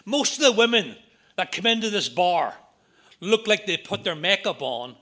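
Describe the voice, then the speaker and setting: A middle-aged man with a Northern Irish accent telling his recovery story at a meeting, with quick jokes and punchlines. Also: high voice, big pitch swings, pushed and bright. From Northern Ireland. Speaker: AA speaker.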